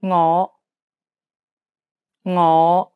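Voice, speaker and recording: A woman modeling single syllables for learners, speaking deliberately. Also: lowish voice, flat delivery, smooth, no room sound, narrow, tinny audio. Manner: deliberate, measured. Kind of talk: slow drilled syllables.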